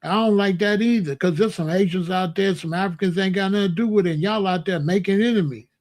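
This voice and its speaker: A man's voice: high-pitched, fast talker, a little mellow. A man delivering an emphatic, repetitive rant as a monologue, drawing out words for emphasis. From Chicago. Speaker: commentator. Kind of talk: ranting monologue to camera.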